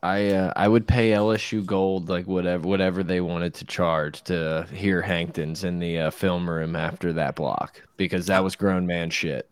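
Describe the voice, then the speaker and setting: A man hosting a casual sports podcast, animated and swearing, laughing often. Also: sits low, moderate pace, few pauses, smooth, dry recording.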